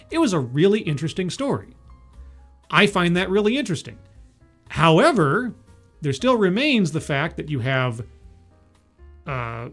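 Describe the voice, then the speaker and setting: Rambling jokey man with faint music behind. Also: on the high side. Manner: rambling, jokey asides, many fillers and restarts. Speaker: commentator reacting to a talk. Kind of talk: casual reaction commentary.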